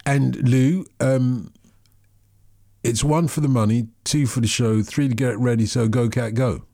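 A man's voice: mid-range voice, fairly even intonation, a little slow, warm tone, no room sound, studio quality. A man hosting a radio phone-in, chatting and teasing, often correcting himself. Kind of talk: casual on-air chat.

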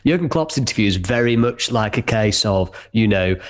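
A man hosting a casual football chat, jokey and quick with a mock accent. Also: lowish voice, lively intonation. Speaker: host.

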